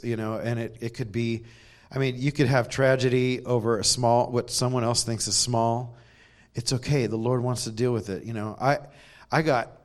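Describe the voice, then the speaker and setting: Guy preaching in a church, chatty storytelling sermon, laughs at himself, mid-pitched voice. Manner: storytelling, self-deprecating humor with laughs. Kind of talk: conversational sermon.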